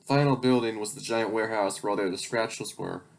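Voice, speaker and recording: A man's voice: lowish voice, fairly even intonation, fast talker, vocal fry. A young man reading his childhood stories aloud, breaking off for incredulous, sarcastic, swearing asides. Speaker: channel host.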